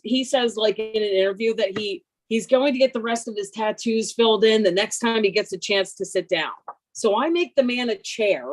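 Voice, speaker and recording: A woman in her fifties telling a comic story over a video call, brash, animated and self-mocking. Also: mid-range voice. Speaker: workshop participant.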